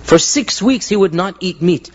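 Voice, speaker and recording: A man preaching a sermon, telling stories in an animated way, repeating phrases and using Arabic religious terms. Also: high-pitched, normal speed, muffled recording.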